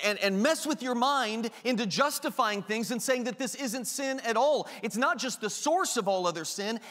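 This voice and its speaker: High-voiced male preacher in a reverberant hall. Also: a bit bright. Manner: emphatic, repetitive preaching with rhetorical questions. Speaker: pastor. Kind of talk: sermon.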